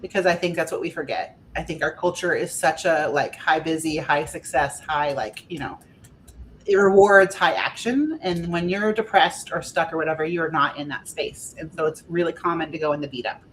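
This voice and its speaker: A woman guesting as a spiritual life coach on a podcast, talking in a gentle, earnest, reflective way. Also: low voice, normal speed, a little hiss or hum. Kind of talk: podcast conversation.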